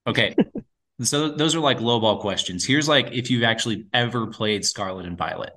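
A man co-hosting a casual podcast, reading out quiz questions in a playful, slangy, excitable way. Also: medium pitch, normal speed. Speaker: podcast co-host. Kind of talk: casual chat, quiz host.

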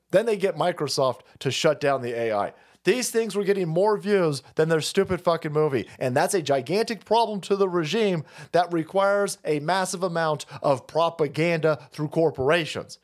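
A man ranting on his stream in political commentary, profane and mocking, swearing freely. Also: sits high. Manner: profane, mocking, mimics opponents in silly voices. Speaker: streamer host.

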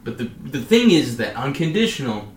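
A man co-hosting a casual podcast chat, animated and repetitive, often acting out his own inner voice. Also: mid-range voice, normal speed, reverberant, a little hiss or hum. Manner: animated, acts out inner voices, repeats phrases. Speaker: podcast co-host.

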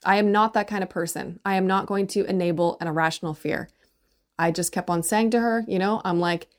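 Briskly and in a steady, mid-range tone, a middle-aged parenting commentator holds forth in an opinionated, meandering casual monologue. She keeps capping her points with a "right?".

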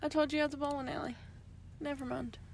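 A woman's voice: sits high, little pitch movement, fast, darkish tone. A woman co-hosting a casual podcast chat, telling a story with lots of laughter and acted-out dialogue. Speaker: podcast co-host.

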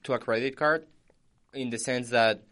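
Young man, podcast host, casual chat, explanatory, reads out information, mid pitch. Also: fairly even intonation, moderate pace, fairly bright tone.

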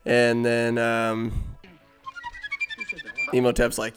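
A man's voice: medium pitch, measured pace, clean tone, soft background music. A man giving a casual, rambling, jokey recap of a movie, often interrupting himself.

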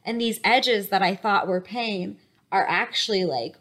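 A young adult woman co-hosting a podcast, talking openly and emotionally in casual chat, with quick bursts and many fillers. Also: medium pitch, a bit bright. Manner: open, emotional, talks in quick bursts with frequent likes and you-knows. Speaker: podcast co-host.

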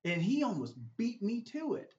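A man's voice: extremely high pitch, very animated, moderate pace, darkish tone. Earnest storytelling man, roomy sound. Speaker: guest. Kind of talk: faith testimony in conversation. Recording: roomy, slightly dull recording.

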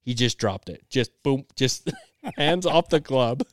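A young man co-hosting a podcast, telling a family story in an animated way and laughing often. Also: mid-range voice, slow pace, no echo, studio quality. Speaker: podcast co-host. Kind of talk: casual storytelling chat.

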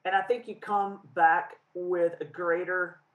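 A woman's voice: fairly low pitch, steady tone, unhurried, poor audio. A woman co-hosting a casual chat, speaking in a reflective, searching way. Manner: reflective, many fillers and restarts. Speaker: podcast co-host.

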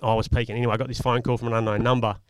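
A man's voice: medium pitch, flat delivery, rapid-fire, clear, resonant tone, no echo, clean studio sound. Aussie guy telling a story on a podcast, earnest, lots of restarts, clean voice. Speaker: podcast co-host. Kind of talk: casual chat.

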